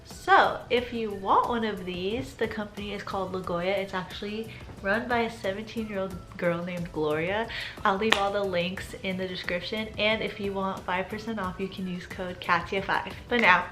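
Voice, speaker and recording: 20 yr old girl telling a storytime, dry sarcastic jokes, normal pitched voice. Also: a bit bright. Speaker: YouTuber. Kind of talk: storytime vlog.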